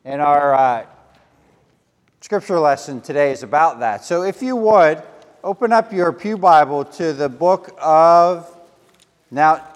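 A fairly high-voiced man gives a sermon in a church, leading a prayer and reading scripture. He stutters now and then and slips in casual, self-deprecating asides. His voice rings out with a long reverb through the sanctuary. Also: expressive, slow pace. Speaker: pastor.

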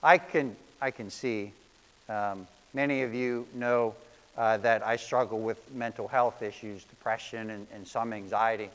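A man's voice: on the low side, steady tone, unhurried, a bit bright, long reverb tail, low-quality recording. A man preaching a sermon, earnest and storytelling, with self-deprecating asides. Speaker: pastor.

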